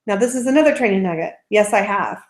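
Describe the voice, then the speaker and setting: Animated woman trainer in an echoey room. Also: mid-range voice, fast talker. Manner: animated storyteller acting out dialogue. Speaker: network marketing trainer. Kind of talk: casual training talk. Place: living room.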